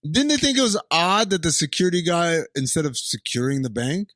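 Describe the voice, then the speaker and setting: A man's voice: fairly high pitch, sing-song, fairly quick, fairly bright tone, no echo. A man co-hosting a movie podcast, riffing sarcastically, rambling and swearing with frequent laughs. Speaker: podcast co-host. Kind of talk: casual movie-riffing chat.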